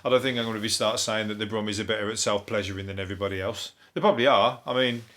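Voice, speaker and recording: A man with a Birmingham accent hosting a comedic news review. He rambles, swears freely, laughs at his own jokes and drops into quick silly impressions. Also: fairly low pitch, fairly even intonation, fairly bright tone. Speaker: comedian host.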